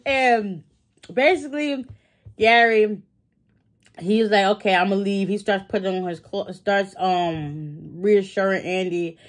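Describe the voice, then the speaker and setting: A woman's voice: mid-range voice, unhurried. Chatty woman vlogger recapping a show. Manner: animated storytelling, acting out lines, frequent laughs and fillers.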